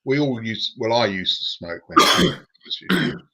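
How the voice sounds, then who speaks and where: A man's voice: fairly low pitch, measured pace. An older man, a former racing driver, telling cheeky stories with casual swearing. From Britain. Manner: cheeky, swearing, relaxed storytelling. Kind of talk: casual anecdote on a live stream. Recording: dull lo-fi recording.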